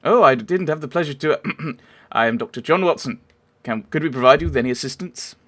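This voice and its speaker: A man's voice: fairly high pitch, a little fast, fairly bright tone, pitched above the performer's own voice, close to an everyday voice. A man voicing a courteous, slightly flustered Victorian doctor, dubbing a silent game cutscene. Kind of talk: amateur dub over a silent game cutscene.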